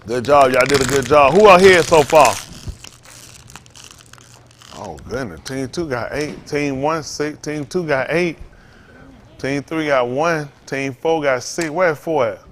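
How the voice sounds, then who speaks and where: Older pastor man, chatty folksy preaching, kinda high voice, keeps repeating himself. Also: measured pace, pauses often, a little hiss or hum. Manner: folksy, animated, Southern Black church vernacular, repeats himself. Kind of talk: informal sermon with storytelling.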